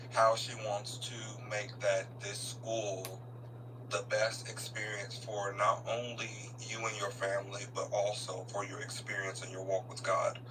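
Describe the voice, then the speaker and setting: Low-voiced man, distant and noisy. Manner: earnest, halting, repeats words. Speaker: student giving a tribute. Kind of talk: spontaneous tribute speech at a live event. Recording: distant mic with a noisy room and hum.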